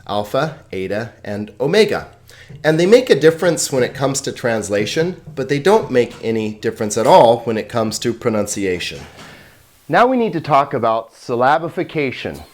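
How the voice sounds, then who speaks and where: Playful Greek teacher with lively pitch. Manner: playful, chuckles at own jokes; slow, deliberate word-by-word pronunciation drills. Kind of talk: video lesson on Greek pronunciation.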